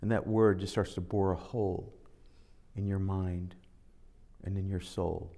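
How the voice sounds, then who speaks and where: A man's voice: on the low side, darkish tone. A man giving an informal spiritual talk, telling stories and acting out the dialogue, sometimes reading scripture aloud. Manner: conversational storytelling, acting out dialogue. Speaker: spiritual teacher.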